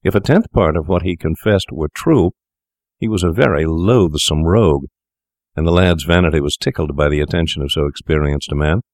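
Male audiobook narrator, very deep, measured formal reading, dry studio sound. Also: darkish tone, no room sound. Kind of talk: scripted narration.

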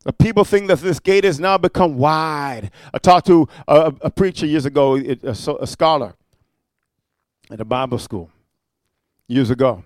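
A man with a high-pitched voice preaches a fiery evangelistic sermon, driving each point home with "amen" and "huh?". He swings between hushed asides and loud declarations, recorded close and dry with no room sound. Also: moderate pace, dry recording. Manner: emphatic, peppered with "amen" and "huh?".

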